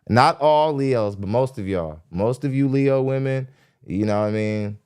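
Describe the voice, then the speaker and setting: A man's voice: a little slow, darkish tone, smooth. A young adult man hosting a podcast, ranting bluntly and mockingly about a dating show and laughing between jabs. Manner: mimics others in high squeaky voices. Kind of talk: ranting reaction commentary. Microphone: studio mic.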